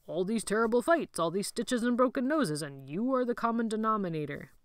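Woman doing a deep, stern judge. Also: lively intonation, fairly quick, dry recording, clean studio sound, lightly acted. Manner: deep, disapproving. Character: stern adult male judge.

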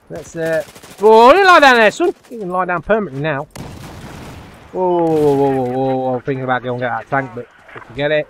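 A man giving live commentary over his own online shooter match, dropping to low muttering and then yelping loudly when the action heats up. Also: brisk, pauses often, slight background noise. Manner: excitable, swings from low muttering to loud yelps. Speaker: gaming YouTuber.

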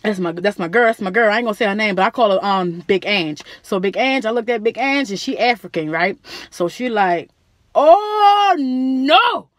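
Slangy animated woman vlogger. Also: medium pitch, fairly quick, no echo, studio quality. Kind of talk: casual storytelling to camera.

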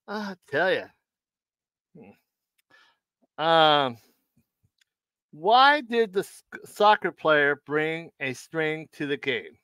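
A man's voice: on the high side, big pitch swings, slow pace, long pauses, a bit bright, dry recording. A man hosting a live stream, telling corny jokes and riddles, often stumbling and restarting and laughing at his own punchlines. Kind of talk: casual joke telling.

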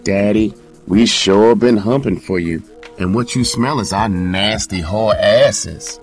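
A man voicing a flattering young woman who works the streets for a pimp, in an audiobook reading. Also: on the low side, slow. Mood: wheedling. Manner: ass-kissing, pleading. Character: flattering young woman, a pimp's top earner. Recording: distant mic, faint music.

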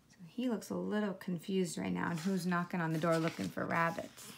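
A woman's voice: on the low side, fairly even intonation, normal speed, vocal fry. A woman teacher reading a children's picture book aloud expressively, stopping to explain the story.

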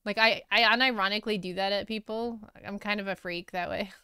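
A woman streaming as an artist, chatting casually with viewers while she draws, self-deprecating and quick to laugh, on a close mic. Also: medium pitch, fairly even intonation, pushed and bright, smooth, dry recording.

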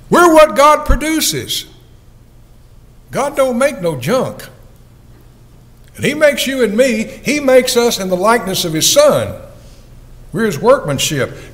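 A man's voice: sits high, low-quality recording. An older man, an evangelist, preaching a sermon in an earnest, folksy way and asking his listeners questions.

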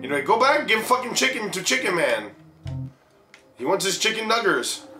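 Man, lively pitch, let's play chatter, crude jokes, roomy sound, game music behind. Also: moderate pace. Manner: loose, profane, joking. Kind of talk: casual gaming chat.

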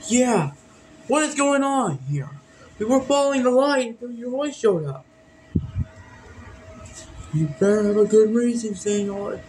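Brief: man narrating a fan game playthrough, slow and unhurried, keeps asking questions, light hiss behind. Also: very high voice, animated, a little mellow, low-quality recording. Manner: asks questions over and over, repeats names. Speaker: fan player voicing his characters over a game. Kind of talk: fan let's-play with voiced reactions.

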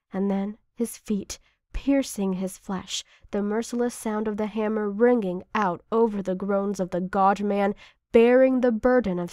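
A woman reading a first-person devotional meditation in a hushed, tearful, emotional way. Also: mid-range voice, dry recording, clean studio sound. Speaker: narrator.

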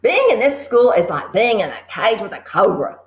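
A woman voicing a clever young schoolgirl, speaking calmly and plainly. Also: mid-range voice, moderate pace, roomy sound. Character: clever, calm little schoolgirl.

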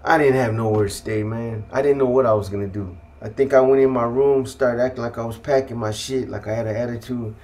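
A middle-aged man from California tells his story in an easygoing, street-slang way, leaning on "man" and "you know what I mean." His voice sits at an ordinary male pitch and often sinks into low, hushed asides. The talk is loose and conversational, full of restarts. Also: fairly even intonation, fairly quick, few pauses. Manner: quiet, subdued delivery with hushed asides. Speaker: guest telling his life story. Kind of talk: casual storytelling.

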